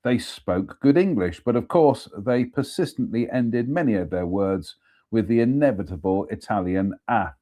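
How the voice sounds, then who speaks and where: A man's voice: on the low side, animated, normal speed, mellow. A man hosting a live show, reading a ghost story aloud steadily with the odd apologetic aside. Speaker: storyteller host.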